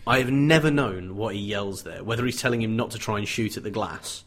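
A man's voice: fairly low pitch, brisk, few pauses. A man co-hosting a podcast, chatting about a film with wry, jokey remarks. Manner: wry, jokey, animated reactions. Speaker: podcast co-host. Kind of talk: casual film chat.

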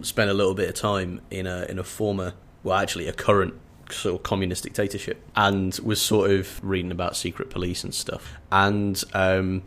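A man co-hosting a casual book-discussion podcast, chatty and animated. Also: deep voice. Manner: chatty, animated, with frequent fillers and restarts. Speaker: podcast co-host.

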